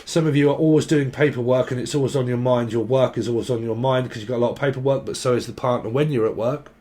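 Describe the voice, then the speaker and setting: A man's voice: mid-range voice, steady tone, fast, warm tone. A man giving a rambling tarot reading, jumping between word associations, sung snatches and frequent laughs. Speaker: tarot reader. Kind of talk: casual channelled tarot reading.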